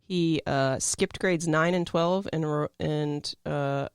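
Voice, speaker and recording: Young male co-host, smooth but gravelly voice, chatty fact-reading full of ums. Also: a little high, steady tone, slow pace, no echo, studio quality. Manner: reads facts aloud with fillers and restarts. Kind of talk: casual chat.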